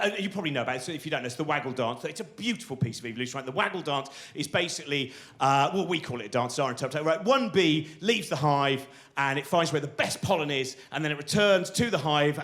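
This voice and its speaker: Animated man doing stand-up. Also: a little high, quick pace. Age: 40s. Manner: rambling, animated, often shouting in put-on voices. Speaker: stand-up comedian. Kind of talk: stand-up comedy routine.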